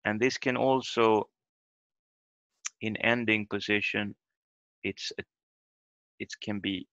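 A man teaching a language lesson over a video call, explaining slowly and haltingly and repeating example words aloud. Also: lowish voice, fairly even intonation, bright, forceful tone, no echo. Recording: dull lo-fi video call audio.

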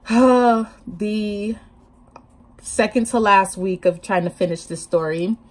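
A woman's voice: mid-range voice, slow, darkish tone. A woman vlogging casually to camera about her writing, hyper and chatty, laughing often, talking with her hands, a bit sleep-deprived.

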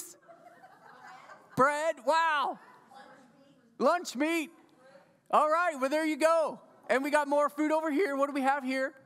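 This pastor's voice is very high-pitched with a fairly bright tone. He delivers his sermon in the sanctuary with playful enthusiasm, engaging the congregation in conversation, while the hall's long reverb trails behind him.

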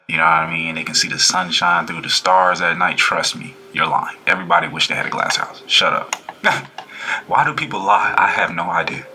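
A man's voice: low-pitched, pushed and bright, slight background noise. A man, chuckling and talking back at a video in casual reaction commentary. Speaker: reaction streamer.

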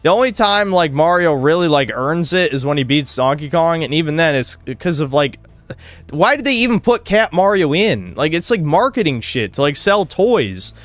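A man's voice: on the high side, sing-song, moderate pace, fairly bright tone, no echo. A man hosting a casual podcast, ranting crudely with heavy swearing. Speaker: podcast host. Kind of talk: casual gaming podcast chat.

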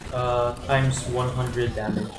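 A man playing a video game with a friend, calm and reassuring, with dry teasing. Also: medium pitch, slow pace. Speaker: gamer co-host. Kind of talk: casual let's-play chat. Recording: roomy echo, off-mic, faint noise.

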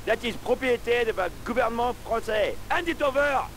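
An actor voicing a hostile French government agent with a French accent, curt and demanding, in a video game. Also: male voice, extremely high pitch, lively intonation, fairly quick, fairly bright tone, a little hiss or hum.

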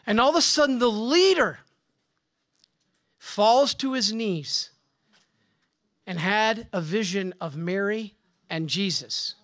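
A man, a Catholic priest, giving a conference talk with emphatic preaching and rhetorical questions, swinging from forceful declarations to hushed asides. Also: high-pitched, lively intonation, slow, pauses often.

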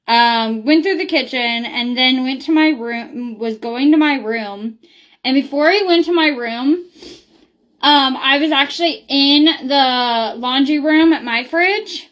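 High-voiced chatty woman vlogger. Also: a bit bright. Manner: rambling, many ums and likes. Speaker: beauty product reviewer. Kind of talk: casual chatty vlog.

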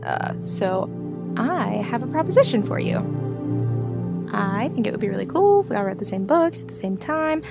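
Chatty upbeat woman intro, little gravelly, loud music behind. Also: a little high, sing-song, moderate pace. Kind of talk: casual talk to camera.

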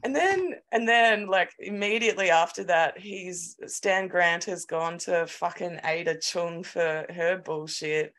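Slow-talking sweary Australian woman. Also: fairly low pitch. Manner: sweary, animated storytelling. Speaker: podcast co-host. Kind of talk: casual chat.

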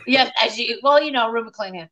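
A middle-aged woman from Detroit, a comedian chatting in an interview, telling stories in an animated, quick way. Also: a little high, over a noisy crowd, low-quality recording. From Detroit, USA. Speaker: comedian, guest. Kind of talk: casual interview chat.

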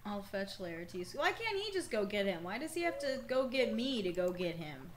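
A woman's voice: on the high side, big pitch swings, brisk, slight background noise. A young woman with a slightly worn voice, chatting casually and swearing freely while she plays through a game on stream. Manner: chatty, profane, laughs often. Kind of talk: casual let's-play commentary.

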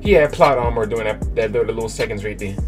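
A young man hosting a gaming channel who recaps the story in rambling, excitable, profanity-laced slang. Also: on the low side, quick pace. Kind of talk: let's-play commentary. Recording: game music in background.

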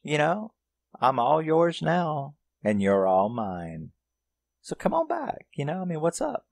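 Man voicing a teasing young woman, high sing-song voice, mocking, sweeping pitch. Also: huge pitch swings, unhurried, vocal fry, no room sound, studio quality, heavily acted. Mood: taunting.

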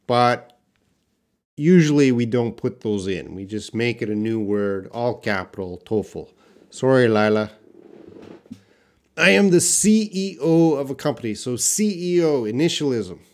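A man teaching a live online English class, speaking slowly and carefully. His voice sits at an ordinary middle pitch. He reads example sentences aloud and keeps quizzing his viewers. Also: a little mellow.

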